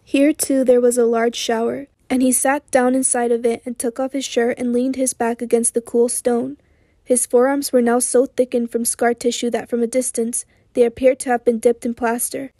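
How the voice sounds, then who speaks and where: A woman with a hoarse voice reading an audiobook in a slow, steady, sombre way. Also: fairly high pitch, dry recording, studio quality. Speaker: audiobook narrator. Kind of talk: audiobook narration.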